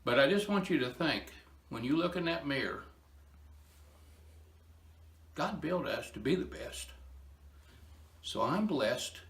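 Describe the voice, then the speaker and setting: A man's voice: a little high, lively intonation, unhurried, vocal fry, a bit bright. Earnest older man in an echoey barn. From Indiana, USA. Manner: earnest, emotional, folksy. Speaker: inspirational storyteller. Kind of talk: personal testimony talk.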